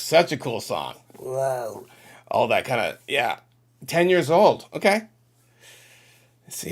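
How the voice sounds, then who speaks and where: Gravelly middle-aged man hosting a livestream. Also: medium pitch, fairly bright tone. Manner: rambling, emotional, talks straight to viewers. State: on the verge of tears. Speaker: livestream host reading chat. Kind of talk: casual livestream chat.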